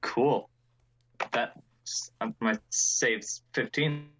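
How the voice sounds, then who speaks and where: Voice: medium pitch, drawn-out words, fairly bright tone, low-quality recording. A player in a tabletop game on a live stream, teasing and sarcastic.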